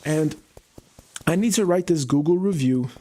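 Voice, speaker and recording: A man speaks straight to his livestream audience in a husky, mid-pitched voice. He vents heatedly, swearing freely as he talks things through without a script. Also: moderate pace, a little mellow. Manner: heated, profane venting. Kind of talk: unscripted livestream monologue.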